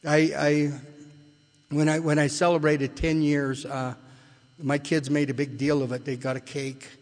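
A man's voice: fairly high pitch, little pitch movement, a little slow, a little mellow. An older man speaking at a recovery meeting, telling his own story in a rambling, plainspoken way with many restarts and rising heat when he retells arguments. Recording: long hall reverb.

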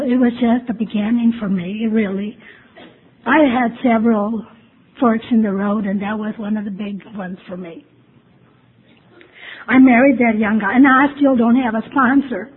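A woman's voice: on the high side, slightly rough. A woman telling her personal recovery story to a meeting, candid and self-mocking with wry humor. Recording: tinny phone-like lo-fi recording with faint hiss.

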